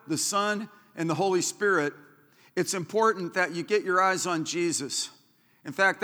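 A man preaches with fervor, his voice pitched high and bright as he builds to loud declarations. The sound carries the long reverb of a church hall. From Southern California. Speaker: pastor. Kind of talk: sermon. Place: church sanctuary.

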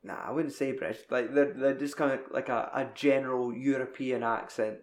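A man's voice: mid-range voice, normal speed. A young man in casual chat, recapping a film in a rambling, sweary way. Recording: echoey room.

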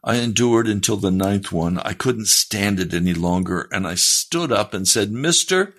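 Low-voiced preacher telling a story. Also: male voice, moderate pace, a bit bright. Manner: emphatic storytelling with direct challenges. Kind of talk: sermon with a retold first-person story.

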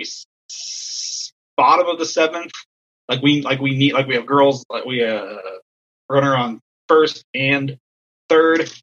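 A man, an assistant softball coach, telling a story in casual chat, acting out other people's lines in a raised voice. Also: mid-range voice, husky, muffled recording.

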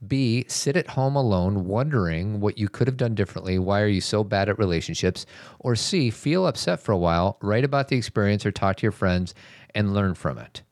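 Brief: man in his 40s, low voice, dry close sound, easygoing podcast co-host. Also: brisk, no room sound. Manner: relaxed, reflective, reads quiz options aloud. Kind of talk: casual chat.

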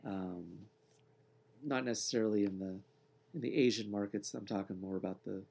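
Husky-voiced man co-hosting a podcast. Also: fairly low pitch, moderate pace, darkish tone. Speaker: podcast co-host. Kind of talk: casual podcast chat.

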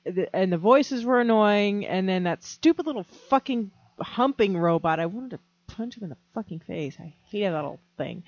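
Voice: mid-range voice, animated, moderate pace, hardly any pauses, no room sound, lo-fi sound. A podcast co-host chatting casually about movies, blunt and dismissive, often laughing. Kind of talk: casual chat.

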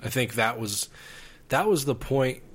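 A man with a medium-pitched, animated voice and a breathy edge co-hosts a film review podcast, speaking a little slowly. It's casual chat, and he's hesitant, restarting and trailing off mid-thought.

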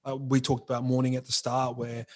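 A man's voice: medium pitch, completely flat delivery, brisk, darkish tone. A young man talks as a podcast guest about running his clothing brand. His speech is loose and slangy, packed with fillers. He is frank and unpolished in manner. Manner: slangy, frank, says bro and like often. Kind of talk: casual podcast interview.

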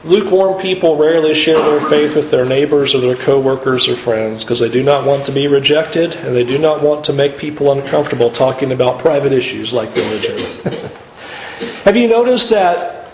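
A man preaching a sermon in an earnest, emphatic way, pushing his pitch up to stress his points. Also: moderate pace, roomy sound, dull audio, slight background noise.

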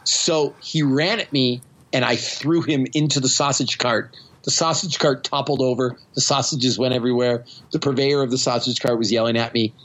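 A podcast host tells stories in casual chat, blunt, profane, and self-mocking. His mid-range, fairly bright voice keeps a fairly even intonation at normal speed, and the recording's highs are cut off.

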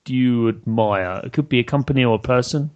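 A man's voice: mid-range voice, fairly quick, darkish tone, lo-fi sound. A British man hosting a podcast interview, chatty and enthusiastic, laughing often. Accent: British English. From Britain. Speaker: podcast host. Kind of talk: casual interview chat.

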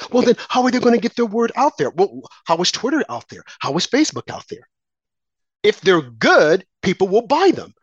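A political commentator with a slightly rough, medium-pitched voice delivers a heated monologue, circling back to repeated phrases, posing rhetorical questions, and mocking opponents through quoted asides. The sound is dry, lo-fi, and a little dull.

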